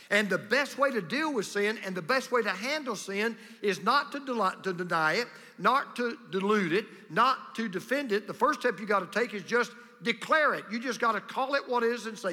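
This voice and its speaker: A pastor preaching a sermon, emphatic and repetitive, with a storyteller's delivery. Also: male voice, high-pitched, lively intonation, moderate pace, hardly any pauses, pushed and bright. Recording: long reverb of a large hall.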